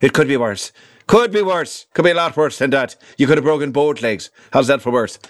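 A man voicing his gruff, stoic Northern Irish grandfather, who hammers his point home with loud repetition and gallows humor. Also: medium pitch, brisk, no room sound, clean studio sound, pitched above the performer's own voice, close to an everyday voice. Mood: gruff scolding.

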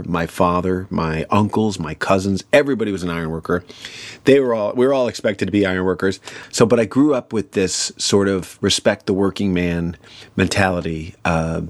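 A man's voice: low voice, dry recording. A man from New York, an actor and comedian, telling family stories in an interview and slipping into character voices. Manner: animated, breaks into character voices. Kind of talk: interview storytelling.

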